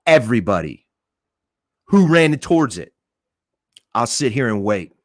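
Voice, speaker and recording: Blunt, lively-voiced cop ranting. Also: male voice, mid-range voice, a little slow, dry recording. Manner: emphatic, blunt and profane, repeats points for stress. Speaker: podcast co-host, police officer. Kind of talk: opinionated podcast talk.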